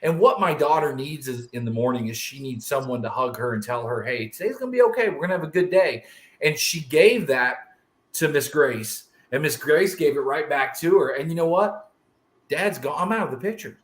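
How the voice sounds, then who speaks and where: A middle-aged man co-hosting a podcast, telling family stories in a chatty, animated way. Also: mid-range voice, moderate pace. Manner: animated, chatty, calls his partner dude. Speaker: podcast co-host. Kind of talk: casual chat, personal storytelling. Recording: roomy echo.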